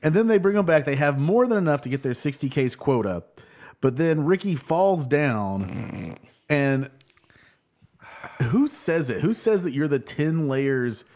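A man's voice: on the high side, animated, measured pace, darkish tone. A man co-hosting a casual podcast, rambling through points with restarts and easy laughter. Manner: rambling, many fillers and restarts, laughs easily. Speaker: podcast co-host. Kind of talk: casual chat.

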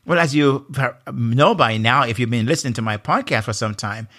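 A man's voice: medium pitch, moderate pace, a bit bright. A man with a Jamaican accent hosting a motivational leadership podcast, earnest and emphatic, often asking rhetorical questions. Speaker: podcast host.

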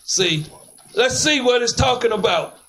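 A man preaching, commanding his reader to read on and firing back sharp questions. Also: very high voice, animated, a little slow, slight background noise, low-quality recording. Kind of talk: street preaching with scripture reading.

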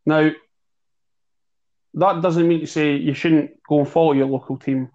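Measured man on muffled podcast audio. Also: on the high side, fairly even intonation, a little mellow. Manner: measured, thinking aloud with fillers. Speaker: co-host of a football show. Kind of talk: casual podcast chat.

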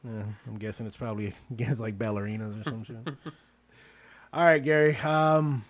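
A man hosting a casual podcast chat, swearing freely as he rambles through stories. He tends to jump up in volume when he gets excited, then settle back into an easy, loose drawl. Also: mid-range voice, normal speed, dry recording. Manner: loose, profane storytelling with loud bursts. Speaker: podcast host.

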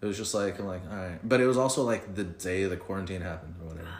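A man's voice: low voice, fairly even intonation, rapid-fire. Laughing man telling stories in a roomy echo. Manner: laughing storyteller, acts out quotes. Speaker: podcast host. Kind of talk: casual chat.

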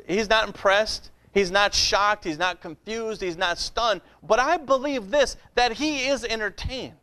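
With frequent "Amen?" calls to engage his congregation, a high-voiced pastor preaches in a plain, conversational manner. His tone comes across as somewhat bright.

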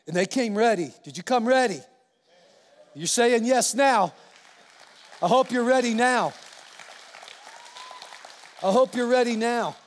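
A male pastor with a high-pitched voice delivers a passionate, conversational sermon. He breaks into acted asides and restarts his phrases as he goes. The sound carries the long reverb of a large church hall. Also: a little slow, long pauses, some chatter behind. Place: church sanctuary.

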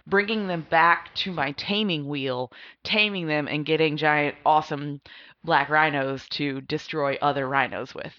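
A woman with a low voice chats casually on a podcast, rambling along and laughing often. The sound is dull and lo-fi. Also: unhurried. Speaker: podcast co-host. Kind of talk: casual chat.

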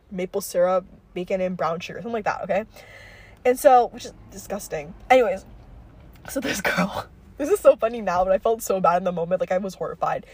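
A woman's voice: a little high, darkish tone, no echo. A young woman hosting a podcast, telling a story in a rambling, profane way, full of fillers. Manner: rambling, profane, filler-heavy with frequent likes. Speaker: podcast host. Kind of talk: casual storytelling chat.

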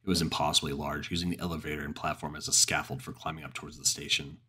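Man, very deep voice, husky, horror story narration, slow, grave. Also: flat delivery, pushed and bright. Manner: slow, grave first-person telling.

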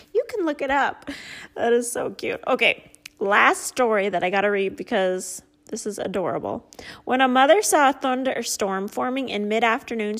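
Giggly woman with a higher voice. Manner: giggly, often laughs at what she reads. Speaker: host; parent. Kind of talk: casual chat reading out funny stories.

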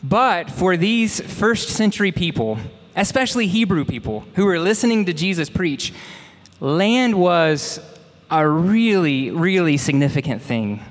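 A man's voice: high voice, animated, measured pace, long reverb tail. A young man from Mississippi, preaching a sermon in a conversational, folksy way with asides to the congregation. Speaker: pastor.

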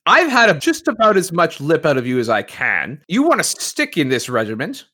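A man voicing a gruff city guard official who barks orders at new recruits. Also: medium pitch, lively intonation, moderate pace, fairly bright tone, lightly acted. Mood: angry. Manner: stern, barking orders.

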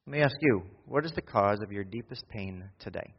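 Husky-voiced man preaching a sermon. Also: fairly low pitch, lively intonation, in a large hall, lo-fi sound. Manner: swings from loud, quick urgency to hushed, slow intimacy. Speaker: pastor. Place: church.

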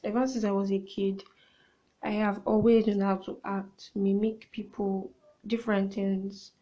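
A young woman with a soft, mellow voice hosts a casual storytime podcast. She talks in an expressive, chatty way and often lowers her voice for confiding asides. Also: poor audio. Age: young adult. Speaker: podcast host.

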